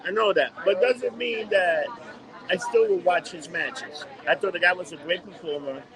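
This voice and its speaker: A man with a fairly high voice co-hosting a casual podcast, loose and opinionated, with "dude" in most sentences. A crowd murmurs clearly behind him. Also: normal speed, poor audio. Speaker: podcast co-host. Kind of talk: casual chat.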